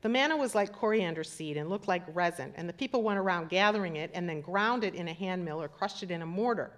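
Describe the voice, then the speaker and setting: Woman preaching an animated sermon. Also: lowish voice, fast. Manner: animated, acts out scripture voices. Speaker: pastor. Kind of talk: sermon with scripture reading.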